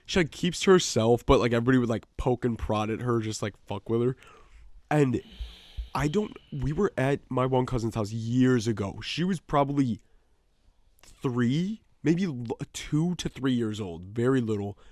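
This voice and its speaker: A man co-hosting a podcast who rambles through long stories and swears freely. His voice sits at an ordinary middle pitch. The studio mic sound is close and dry. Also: animated, moderate pace, darkish tone, dry recording. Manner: swears a lot, rambling storytelling. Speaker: podcast co-host. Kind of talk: casual podcast chat. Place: small studio.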